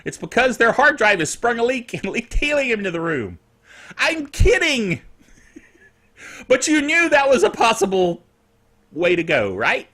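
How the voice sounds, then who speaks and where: A man with a high, bright voice runs a casual tech netcast. His pitch swings widely as he rambles through the news with chatty asides. He chuckles often at his own jokes. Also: sing-song, moderate pace. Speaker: tech show host.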